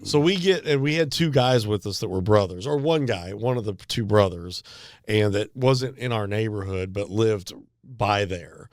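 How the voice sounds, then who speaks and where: A man's voice: lowish voice, lively intonation, normal speed, no echo, studio quality. A middle-aged man co-hosting a podcast, telling a long story with lots of fillers and laughs. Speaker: podcast co-host. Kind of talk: casual storytelling chat.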